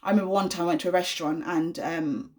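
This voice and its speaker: Earnest young mum, lowish voice. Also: female voice, fairly even intonation, fast talker, darkish tone. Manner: earnest and reassuring, chatty with many fillers. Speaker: vlogger, mother of an autistic son. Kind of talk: casual talk to camera.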